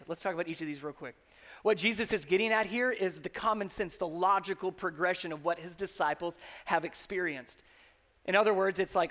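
A man's voice: high voice, fairly quick. A man, a pastor, preaching a sermon and acting out the voices he quotes. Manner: animated, acts out quoted voices.

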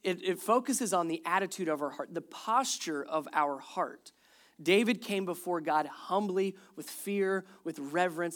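A preacher in full sermon mode, moving between quiet, earnest reflection and animated retelling of scripture stories. The voice sits at an ordinary middle pitch and keeps a conversational, joking touch with the congregation. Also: unhurried. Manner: animated storytelling, acts out quoted complaints; jokes with the congregation. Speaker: pastor.

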